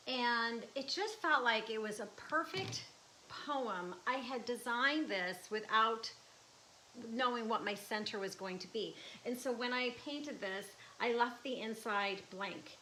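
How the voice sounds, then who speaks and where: A woman's voice: fairly high pitch, measured pace, sharp tone, a little hiss or hum, low-quality recording. A woman in her fifties, an artist chatting casually and emotionally in a live stream from her art studio, with laughs and restarts. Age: 50s. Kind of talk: casual livestream chat.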